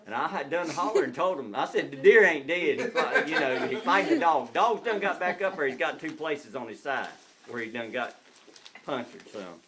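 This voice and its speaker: A man's voice: mid-range voice, moderate pace. A man telling a hunting story to family, laughing as he goes. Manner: laughing, animated, colloquial storytelling.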